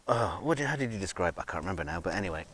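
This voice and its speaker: A man's voice: deep voice, expressive, very fast, fairly bright tone, slight background noise. A drunk man with an English accent, rambling in a casual monologue with many fillers, restarts and swearing. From England, of Scottish family. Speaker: guitar video maker.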